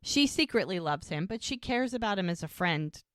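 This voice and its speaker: A woman's voice: mid-range voice, animated, moderate pace, fairly bright tone, no room sound, studio quality. A woman co-hosting a rewatch podcast, retelling the scenes in casual chat and briefly putting on little voices for the characters' lines. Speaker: podcast co-host recapping episodes.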